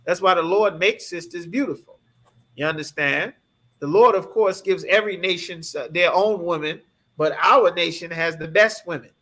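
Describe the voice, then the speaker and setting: A man's voice: high voice, moderate pace, pushed and bright. Emphatic male scripture teacher. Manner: emphatic, keeps asking "you understand?". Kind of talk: preaching scripture lesson.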